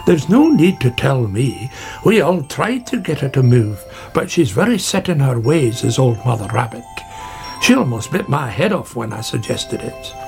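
A man voicing a gruff, sensible male badger in a storybook, grumbling in a steady way. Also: medium pitch, normal speed, soft background music.

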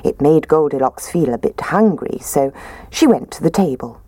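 A woman reading a children's storybook aloud in a gentle, expressive way. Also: sits low, normal speed, slightly rough, no echo.

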